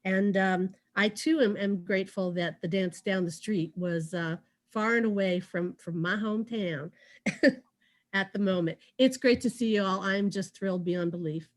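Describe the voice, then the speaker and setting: A woman's voice: medium pitch, measured pace. Gushing woman on a video call. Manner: gushing, a little hesitant. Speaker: former cast member. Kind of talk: casual chat on a video call.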